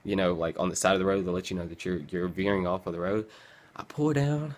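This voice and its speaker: Young male vlogger, lowish voice, loose and rambling storyteller who acts out scenes. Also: fast talker. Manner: rambling, animated, acts out his past self with groans and sighs. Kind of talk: casual storytelling.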